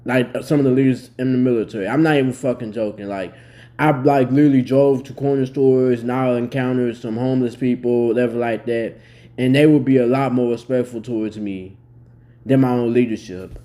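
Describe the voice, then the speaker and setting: A man's voice: medium pitch, steady tone, a little fast, warm tone. A man in his twenties giving blunt, heavily profane casual commentary as a vlogger. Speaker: vlogger reacting to a news story.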